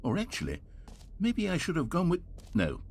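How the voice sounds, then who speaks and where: A man's voice: on the high side, wildly swooping pitch, moderate pace, vocal fry, slight background noise, exaggerated voice. A man voicing a smug, sarcastic video game narrator with dry, mock-grand delivery.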